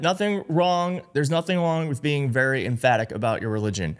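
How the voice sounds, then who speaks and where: A man's voice: mid-range voice, fairly quick, few pauses. A man giving online political commentary, indignant and emphatic, reading out reports and quotes.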